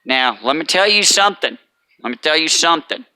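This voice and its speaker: A man gives a casual but preachy motivational talk to the camera and hammers his points home with repeated phrases. His voice is very bright and crisp and sits a little high. The sound is dry and close. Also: animated, a little fast, dry recording. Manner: emphatic and preachy, repeating "let me tell you". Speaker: chef and motivational vlogger.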